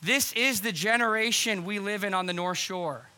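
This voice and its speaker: A man's voice: sits high, moderate pace, bright, forceful tone. A man preaching a sermon as pastor, earnest and urgent, posing questions to the congregation. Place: church hall.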